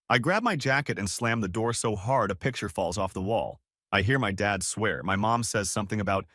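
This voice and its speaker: A man's voice: on the low side, brisk, a bit bright, dry recording, clean studio sound. A man in his thirties reading a forum post aloud as a casual, confessional story. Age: 30s. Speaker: story narrator.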